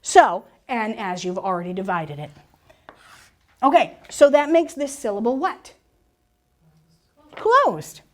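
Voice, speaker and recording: A woman leading a workshop for teachers, explaining reading rules step by step with quick questions and answers. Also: a little high, expressive. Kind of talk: presentation to teachers and parents.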